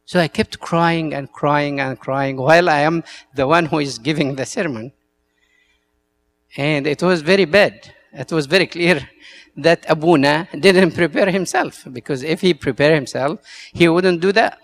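A man's voice: on the high side, measured pace. A male priest with an Egyptian Arabic accent, a native Arabic speaker, giving an earnest talk to church servants and telling stories in broken English.

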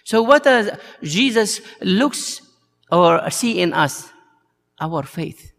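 A priest preaching a sermon at an unhurried, halting pace, full of small hesitations. His voice is gravelly and a little high, and a long hall reverb rings behind every phrase. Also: expressive, a bit bright. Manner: slow and halting, many uh fillers, acts out the story's voices.

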